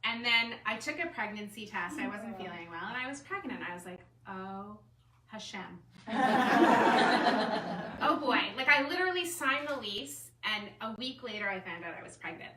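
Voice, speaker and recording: A woman who is an artist and designer, telling a personal story to a group in a chatty, animated way with lots of "like". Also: on the high side, normal speed. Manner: chatty, animated storytelling full of "like" and self-quotes. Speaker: artist and designer speaking at a gathering. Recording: echoey room, mic far off, faint room noise.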